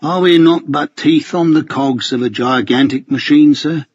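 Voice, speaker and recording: A man reads out a suave, ironic spy handler from an audiobook who stays dryly polite and mock-formal. His tone is a touch husky and airy. The recording is dry, with a muffled, lo-fi top end. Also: a little high, moderate pace, a little mellow, no echo, voice pushed up. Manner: mock-formal and dryly polite, calls others sir and master. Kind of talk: audiobook character voice.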